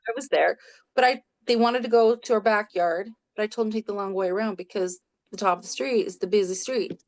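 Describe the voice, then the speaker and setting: A woman in her forties, a clinical social worker, telling animated stories as a podcast guest from her home office and acting out quoted voices. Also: mid-range voice, a little fast. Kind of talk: casual storytelling in a podcast interview.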